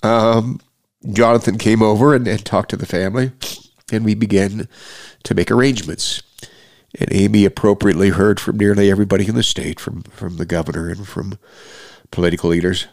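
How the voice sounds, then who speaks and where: This personal podcast monologue comes from a middle-aged host whose deep, low voice is gravelly and a little mellow. Speaking steadily and earnestly into a nearby mic, he keeps pausing to restart phrases, and there's no echo or room sound.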